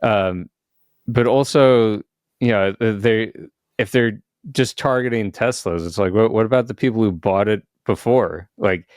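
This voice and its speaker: A man's voice: fairly low pitch, unhurried, a little mellow, dry recording, clean studio sound. A man co-hosting a podcast in casual chat, hesitant, with many restarts and fillers. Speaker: podcast co-host.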